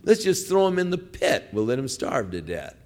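A man voicing scheming older brothers who sneer and mutter in a low, quiet voice. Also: very animated, moderate pace, lightly acted.

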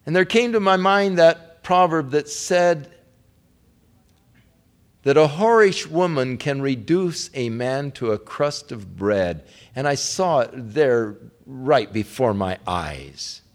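A man preaching a sermon through a personal story, moving between hushed, low passages and raised, heartfelt ones. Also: expressive, slow.

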